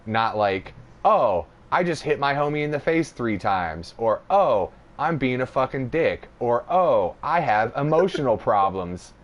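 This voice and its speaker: A man's voice: mid-range voice, big pitch swings, a little slow, few pauses, muffled recording. A young man hosting a podcast, telling a rambling, profane story in casual chat with lots of fillers. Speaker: podcast host.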